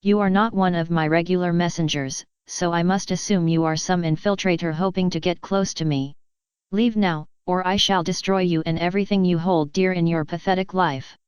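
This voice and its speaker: A woman's voice: fairly low pitch, fairly even intonation, moderate pace, darkish tone, clean tone, no echo, close to an everyday voice. A woman voicing a regal, once-warlike pony princess who speaks formally, in a storybook reading. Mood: threatening. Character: stern warrior pony princess, commanding yet tender.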